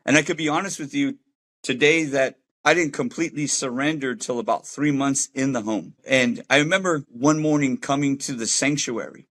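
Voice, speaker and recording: A man tells his own conversion story in an earnest, heartfelt way. He talks with loose street slang and sounds like a former gang member opening up about his past. His pitch sits in the ordinary male middle. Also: moderate pace, fairly bright tone. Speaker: former gang member sharing a faith testimony. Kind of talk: personal testimony storytelling.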